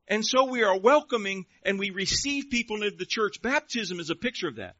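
A man's voice: high voice, sing-song, brisk, few pauses, sharp tone, no echo. A male pastor delivering a sermon, emphatic and calling out questions to the congregation. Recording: dull lo-fi recording.

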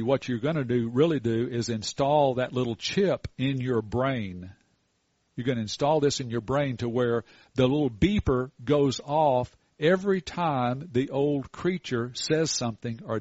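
An older man preaching a sermon in a folksy, storytelling way with animated asides. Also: mid-range voice, no echo, lo-fi sound.

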